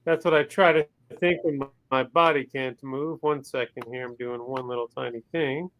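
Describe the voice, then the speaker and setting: A man's voice: mid-range voice, steady tone, moderate pace, a bit bright. A man co-hosting a casual livestream chat, full of joking, playful banter.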